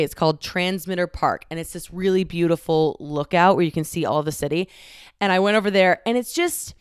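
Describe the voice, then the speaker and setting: A woman in her twenties from the Dallas-Fort Worth area of Texas hosts a casual solo podcast, speaking candidly with plenty of "like" fillers and a bit of swearing. Her medium-pitched voice is smooth. The close studio mic gives a dry, clean recording.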